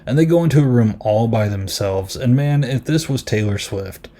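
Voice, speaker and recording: A man's voice: mid-range voice, moderate pace, mellow. A man hosting a podcast and reviewing a film in casual chat, rambling and amused, with lots of ums and likes.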